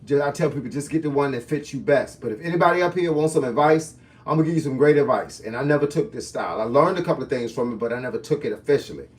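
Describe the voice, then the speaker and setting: A man's voice: medium pitch, fast, recorded from a distance. A man in his fifties, a fitness and boxing coach, answering viewers' questions on a live stream in casual, folksy slang. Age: 50s.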